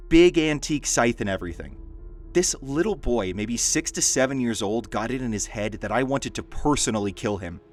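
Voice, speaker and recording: Lively male story narrator over faint music. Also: mid-range voice. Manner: lively storytelling, dry asides. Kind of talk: reading stories aloud.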